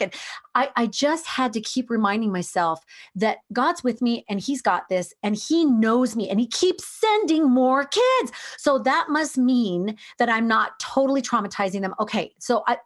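A woman's voice: a little high, lively intonation, moderate pace. Earnest, storytelling middle-aged woman. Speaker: podcast guest. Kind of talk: casual conversation.

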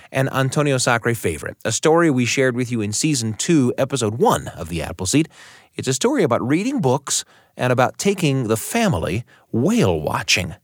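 A man's voice: mid-range voice, dry recording. Podcast host guy reading the intro, voice bounces up and down a lot, super dry studio mic. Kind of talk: scripted introduction.

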